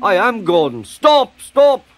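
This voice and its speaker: A man's voice: medium pitch, very animated, slow pace, fairly bright tone, soft background music. A man doing a pompous big engine. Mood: alarmed. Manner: haughty, huffing. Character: proud pompous big male express engine.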